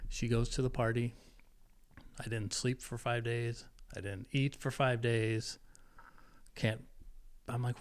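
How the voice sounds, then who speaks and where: A man's voice: medium pitch, little pitch movement, normal speed, clean tone. A man in his fifties telling a personal story as a podcast guest, candid and emotional, often breaking off and restarting. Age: 50s.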